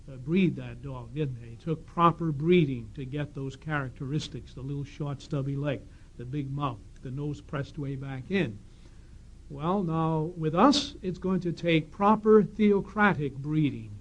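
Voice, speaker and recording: A man giving a sermon in a congregation hall, reading scripture aloud and putting questions to the audience. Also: fairly high pitch. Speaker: congregation speaker. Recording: dull lo-fi 1970s tape.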